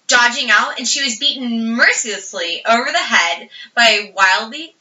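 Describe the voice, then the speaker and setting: A woman's voice: a little high, normal speed, pushed and bright. A woman voicing an eager, imaginative young farm girl who insists on her stories. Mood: earnest. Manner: earnest, insistent storytelling. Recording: roomy, distant, dull audio.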